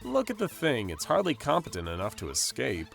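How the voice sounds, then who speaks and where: A man voicing a dismissive, sarcastic female researcher in an animated story who scoffs at everything. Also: medium pitch, a little fast, vocal fry, soft background music, voice pushed up, full character voice.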